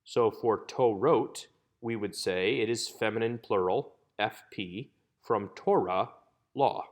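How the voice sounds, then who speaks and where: A man giving a recorded lecture on Hebrew grammar over slides, explaining methodically step by step. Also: mid-range voice. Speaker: Hebrew instructor.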